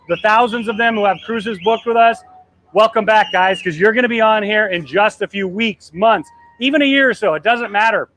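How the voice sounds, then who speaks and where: On the deck of a cruise ship, a man in his thirties who works as a travel agency host rambles through a live travel vlog, excited and emotional. His high voice trembles and catches as he chokes up.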